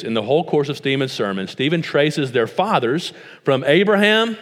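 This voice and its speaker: A man's voice: on the high side, big-room sound. A man in his thirties with a West Tennessee accent, preaching a sermon with stories and rhetorical questions that build to emphatic points. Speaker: pastor.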